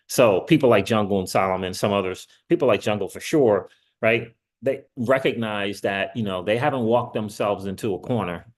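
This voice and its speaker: Guy hosting his channel, rambly and animated, voice jumps up when he gets fired up, laughs a lot. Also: normal speed. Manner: animated, rambling, laughs often, pitch swings up when excited. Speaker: crypto channel host. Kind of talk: casual livestream commentary.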